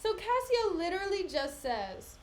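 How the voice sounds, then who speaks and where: A woman's voice: very high voice, moderate pace, a little hiss or hum. Exasperated young woman ranting on stream. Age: young adult. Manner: animated, exasperated, laughs and rants. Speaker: streamer reading a play. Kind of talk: casual live-stream commentary.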